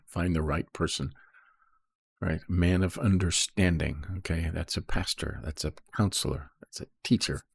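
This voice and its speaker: A man's voice: low voice, husky, no room sound, studio quality. A man reading Bible verses aloud and explaining them in a casual teaching style, checking in often with "okay?" and "right?".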